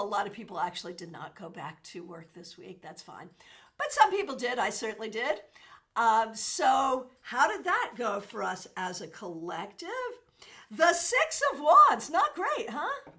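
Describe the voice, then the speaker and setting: Woman, livestream host, chatty, enthusiastic, animated, bright voice. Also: unhurried. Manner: chatty, enthusiastic, thanks viewers by name; animated, with sudden jumps in pitch and loudness. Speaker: tarot reader and livestream host. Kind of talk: casual livestream chat with viewers.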